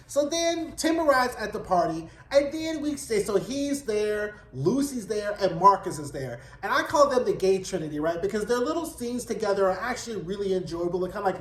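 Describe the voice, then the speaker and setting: A man's voice: high voice, expressive, a little fast, hardly any pauses, fairly bright tone. A man giving a chatty, sassy and frank casual recap of a TV episode. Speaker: TV recap vlogger. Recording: roomy echo.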